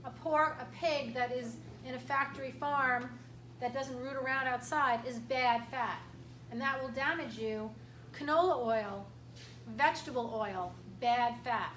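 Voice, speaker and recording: A woman chiropractor giving a casual, emphatic health workshop talk to an audience, clearing her throat often. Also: high-pitched, a little slow, a bit bright. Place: room with an audience. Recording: echoey room from far off, faint hiss.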